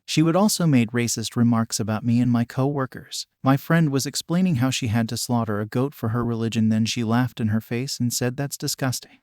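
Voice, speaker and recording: A man at an ordinary pitch reads stories aloud in an even, conversational way and adds wry remarks between them. The recording is close and dry, with no room sound. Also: fairly quick, few pauses, dry recording. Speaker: narrator reading online stories. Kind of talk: scripted narration with commentary.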